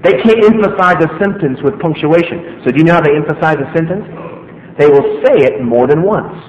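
Animated preacher in an echoey hall. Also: male voice, on the high side, fairly quick. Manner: animated, acts out quotes in a casual voice. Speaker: pastor. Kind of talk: sermon. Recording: echoey hall, slightly dull sound.

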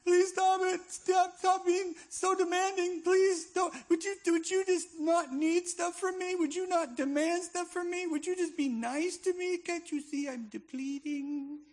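A man voicing a worn-out, put-upon person in a high, whiny falsetto. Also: fairly even intonation, a little slow, few pauses. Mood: pleading. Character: worn-out person whining at tormentors.

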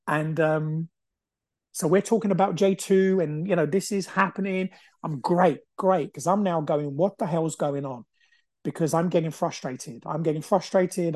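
A podcast host in their forties talks through a personal story in a mid-range, slightly mellow voice on a dry recording. The delivery is emphatic and determined, with phrases repeated for stress.

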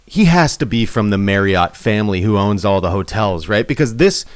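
A man's voice: on the low side, lively intonation, normal speed, clean tone, no room sound. A man hosting a casual comedic podcast chat, rambling with restarts and often laughing. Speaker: podcast host.

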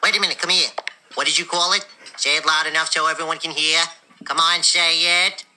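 An actor voicing a shrill, furious cartoon man who yells, mocks and threatens people. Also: steady tone, brisk, a little hiss or hum. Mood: furious mocking. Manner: yelling, mocking, threatening. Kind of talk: cartoon acting.

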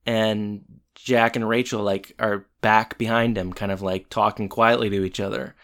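A woman's voice: a bass voice, little pitch movement. Chatty woman co-host, casual recap. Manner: chatty, halting restarts when giving opinions. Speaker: podcast co-host.

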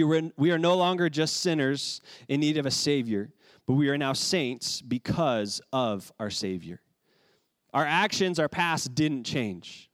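A man's voice: mid-range voice, no room sound. A man preaching a sermon as pastor, in a conversational way with casual asides.

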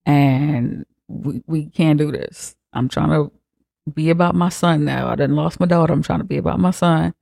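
A man's voice: fairly high pitch, moderate pace, gravelly, darkish tone, no room sound, clean studio sound. A man voicing an exasperated, weary father who scolds and swears. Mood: firm. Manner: fed-up, scolding, profane.

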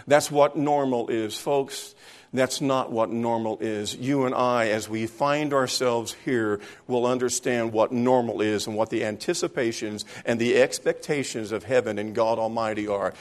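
A man preaching a sermon as pastor in church, earnest and emphatic, repeating key phrases for weight. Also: mid-range voice.

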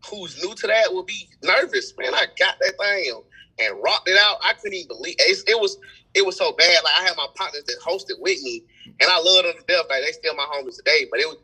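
A young man telling stories in a casual podcast chat, animated and full of slang. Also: high voice, brisk, slightly rough, poor audio. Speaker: event host and promoter.

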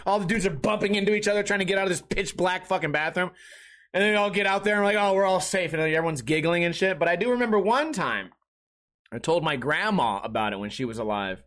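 A man with a high, sharp, bright voice hosts a comedy podcast. He rambles through crude, profane stories and keeps breaking off and restarting his sentences. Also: lively intonation, fast. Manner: crude, profane storytelling with laughter. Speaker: podcast host and streamer. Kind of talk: comedic casual chat.

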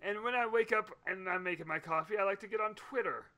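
A man co-hosting a casual podcast chat, venting in an excitable, animated way. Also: high voice, quick pace. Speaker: podcast co-host.

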